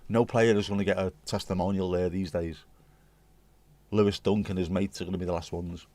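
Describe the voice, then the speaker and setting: Man, lowish voice, dry close sound, rambling jokey livestream chat. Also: flat delivery, fairly quick, mellow, dry recording. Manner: rambling, jokey, swears casually. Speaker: livestream host. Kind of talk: casual chat with viewers.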